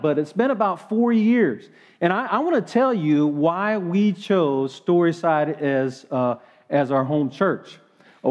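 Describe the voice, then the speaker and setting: A man's voice: on the high side, darkish tone, big-room sound. A man preaching a sermon in a church, folksy and full of hesitant fillers. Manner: folksy, with frequent fillers and restarts. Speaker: guest preacher.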